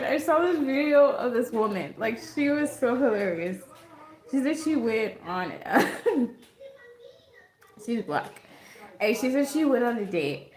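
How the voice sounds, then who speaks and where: A woman's voice: on the high side, lively intonation, measured pace. Giggly young woman rambling on a livestream. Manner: rambling, giggly, many fillers. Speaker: livestream host. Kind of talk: casual chat. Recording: echoey room.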